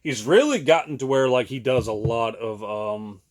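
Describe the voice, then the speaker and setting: A man's voice: mid-range voice, normal speed. A man, co-hosting a podcast in casual chat, rambling with many fillers and laughing often. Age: late 30s. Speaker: podcast co-host.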